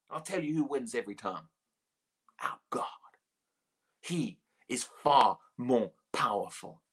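A preacher delivering a sermon, animated and expressive, with frequent laughs. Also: mid-range voice, breathy edge. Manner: animated, acts out the quoted speech in a raised voice, laughs often.

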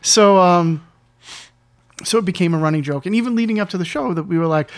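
A man who runs conventions telling a casual anecdote, animated and acting out what people said. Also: high-pitched, quick pace, dry recording. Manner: animated, acts out quoted voices. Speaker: convention organizer guest.

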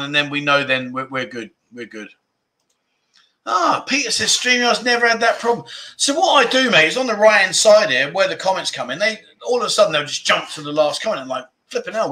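A chatty man hosts a casual livestream and answers viewers as he goes. His voice sits a little high and sounds bright and forward. He laughs easily and grumbles now and then. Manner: chatty, laughs often, mild grumbling asides. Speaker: livestream host reading viewer comments. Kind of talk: casual chat.

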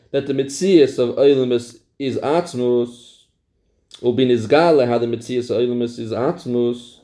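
Male text study teacher, slightly high voice, reads then explains. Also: dark tone. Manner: mixes Yiddish and Hebrew terms into English. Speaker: Torah teacher.

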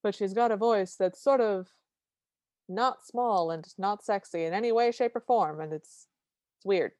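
A woman's voice: medium pitch, normal speed, a little mellow, dry recording, studio quality. Wry woman recapping a cartoon. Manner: chatty, wry, retells the plot with asides. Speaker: podcast co-host. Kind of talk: casual podcast chat recapping a cartoon.

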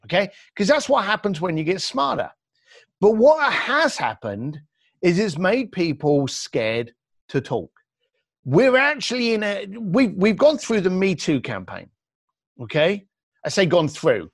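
High-pitched and measured, a man appears as a podcast guest, bluntly telling stories with animation and voicing the quotes of others. It's a clean studio recording without any room sound.

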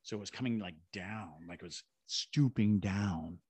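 A paranormal investigator from Savannah, Georgia, guests on a podcast and tells a story with gusto, performing the voices of the people he quotes. His voice sits fairly low, a little rough, at a moderate pace, with no room sound.

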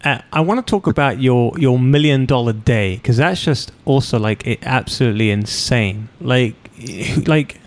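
A man hosting a podcast interview, enthusiastic and quick to laugh. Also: medium pitch. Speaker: podcast host. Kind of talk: casual interview chat.

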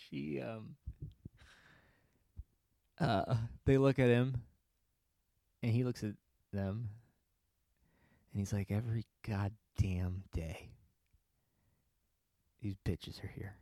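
A podcast host delivers a comedic ranting monologue, telling a story with sarcasm, laughing often and dropping to a whisper for the voices he acts out. His voice is lowish, gravelly, and warm, with no room sound.

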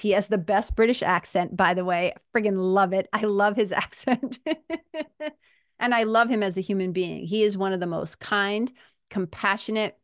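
Woman, solo podcast host, upbeat and gushing, repeats herself; mid-pitched, dry close recording. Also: no room sound. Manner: upbeat, effusive, repeats phrases, addresses listeners as "you guys". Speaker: podcast host and IBS hypnotist.

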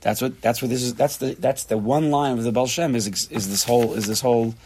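A man teaching an informal Torah class to a small group, talking in an animated way that repeats phrases and mixes in Hebrew and Yiddish terms. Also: medium pitch, a little fast, a little hiss or hum.

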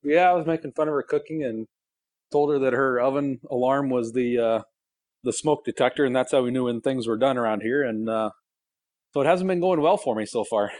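A man's voice: mid-range voice, brisk, a little mellow, dry recording. A man with an everyday mid-range voice rambles through a funny home story, chuckling as he goes. He is calling into a podcast from his car in the garage. The sound is dry and close. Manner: rambling, self-deprecating storyteller, laughs often. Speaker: co-host. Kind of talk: casual phone-in podcast chat. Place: sitting in a parked car in a garage.

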